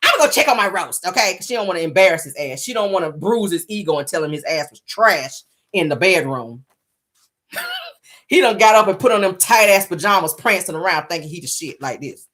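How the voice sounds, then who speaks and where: A woman's voice: fairly low pitch, expressive, brisk, fairly bright tone. A woman hosting her own show, giving casual gossip commentary in a sassy, profane way, laughing often and acting out both sides of a scene. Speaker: show host.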